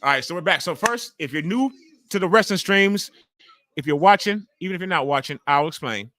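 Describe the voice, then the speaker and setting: A man, hosting a casual live wrestling watch-along and chatting loudly with viewers. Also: a little high, brisk, dry recording. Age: 40s. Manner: loud, excitable, chatty with viewers, swears freely. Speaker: livestream host.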